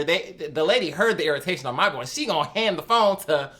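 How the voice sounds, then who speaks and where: A man co-hosting a casual podcast, telling a story with animated, expressive delivery and acted-out quotes. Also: fairly high pitch, quick pace, a crowd in the background. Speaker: podcast co-host. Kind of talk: casual chat.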